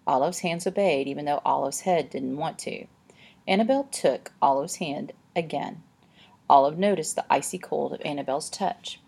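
A woman narrating a storybook aloud in a steady, expressive way. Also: sits low, gravelly, breathy edge. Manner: steady, expressive, slows for tense moments.

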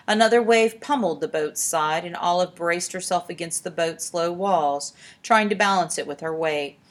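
A woman narrating a storybook aloud in a steady, expressive way. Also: lowish voice. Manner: steady, expressive, slows for tense moments.

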